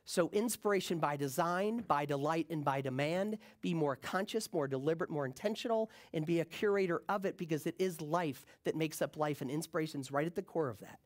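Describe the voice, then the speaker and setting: A man's voice: a little high, brisk, hardly any pauses. A man giving a conference talk, telling a personal story casually and acting out the people in it. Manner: animated, acts out the people in his stories; casual, slangy. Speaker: keynote speaker.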